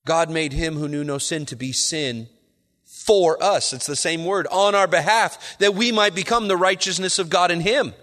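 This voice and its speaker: A man preaching an expository sermon, rising in pitch on key words and slowing down to read quotations. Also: a bit bright. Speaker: pastor. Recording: long reverb of a large hall.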